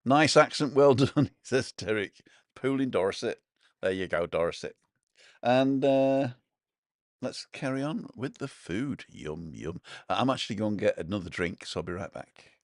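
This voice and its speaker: Chatty low-voiced man hosting a vlog. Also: lively intonation, a little slow, no echo, studio quality. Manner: rambling and chatty, reading out viewer comments. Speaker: vlog host. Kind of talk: casual live-stream chat. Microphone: own microphone.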